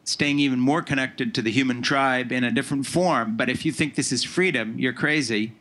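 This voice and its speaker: A man's voice: mid-range voice, normal speed, bright, forceful tone. A man speaking as a guest on a talk show, blunt with restarts. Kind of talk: casual interview talk.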